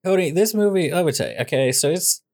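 A man's voice: sits high, animated, quick pace, a little mellow, dry recording, studio quality. A man co-hosting a casual movie podcast, ranting with sarcasm about a show he disliked. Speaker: podcast co-host.

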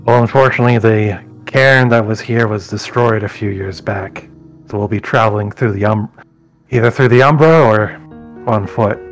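A man's voice: fairly low pitch, normal speed, faint music behind, natural voice. A man voicing an earnest adult werewolf who talks in hesitant, stammering restarts.

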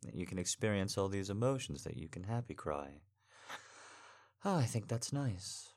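A young man in an intimate audio role-play as a boyfriend, talking softly and tenderly with frequent sighs. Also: sits low, sing-song, moderate pace.

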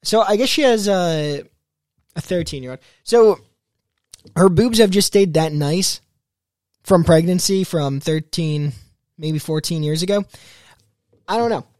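A man's voice: high voice, a little slow, pauses often, a little mellow, dry recording, studio quality. A young man hosting a casual solo podcast, rambling with many fillers and restarts. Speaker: podcast host.

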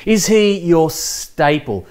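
A man's voice: on the high side, expressive, slow, a little mellow, clean tone. A man with an Australian accent preaching a sermon while baking bread, earnest and emphatic, speaking straight to his listeners.

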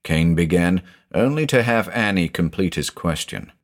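Speaking at normal speed, a male narrator with a very deep voice performs a scripted audio mystery. He sweeps his pitch up and down with genuine drama, keeping the telling expressive and suspenseful.

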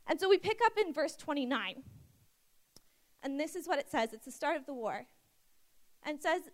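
Young woman preaching, high voice, chatty and animated, does little voices for the bible story. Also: a little fast. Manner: conversational, acts out quotes with lively asides. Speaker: youth speaker. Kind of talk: sermon.

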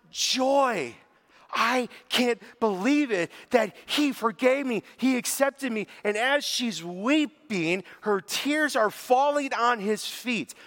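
A man preaching a sermon, telling the story with animated quotes and casual filler words. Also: high-pitched.

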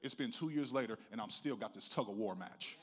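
A middle-aged man preaching from the pulpit recounts his own experience in a lilting cadence that climbs from a whisper to a roar. His voice sits on the low side, and he keeps a brisk pace.

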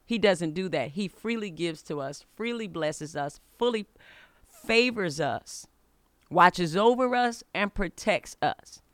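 A woman's voice: fairly low pitch, lively intonation, unhurried, no room sound. A middle-aged woman hosting a faith-based podcast, telling a personal story in an earnest, conversational way and urging listeners on. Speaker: podcast host.

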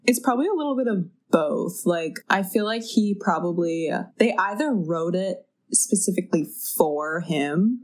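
A woman in casual conversation about a movie, expressive and quick to laugh. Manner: expressive, jumps high in pitch when laughing.

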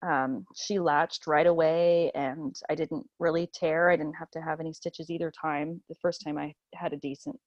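A woman in her thirties telling the story of giving birth in a casual chat, animated and emotional, laughing often and near tears. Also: moderate pace, few pauses, no echo, muffled recording. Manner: animated, laughs often, acts out quotes in a high voice.

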